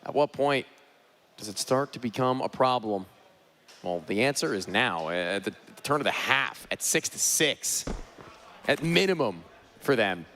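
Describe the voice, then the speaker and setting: A man's voice: medium pitch, expressive, unhurried, sharp tone, a little hiss or hum. A man doing dramatic play-by-play commentary on an esports match at a live event. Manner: dramatic, emphatic play calls.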